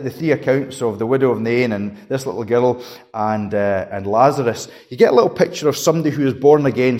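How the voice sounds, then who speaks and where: A man preaching a sermon, swinging between raised, emphatic lines and quiet, hushed ones. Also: mid-range voice. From Scotland. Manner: dramatic emphasis, rising to a shout and dropping to a hush.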